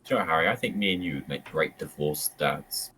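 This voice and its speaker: A man's voice: very deep voice, quick pace, bright, forceful tone, slight background noise, low-quality recording. A young man, co-hosting a podcast and making dry, teasing remarks in a casual chat. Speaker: podcast co-host.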